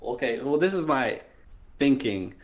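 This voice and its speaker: A medical student calling in, talking hesitantly and unsure about a date. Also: male voice, medium pitch, animated, unhurried. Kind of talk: casual call-in chat.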